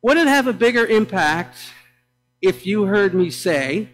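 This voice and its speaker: A pastor preaching a sermon in a church, with dramatic pauses and emphatic declarations that swing between loud proclaiming and hushed, low delivery. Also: male voice, animated, slight background noise, rough recording. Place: church sanctuary.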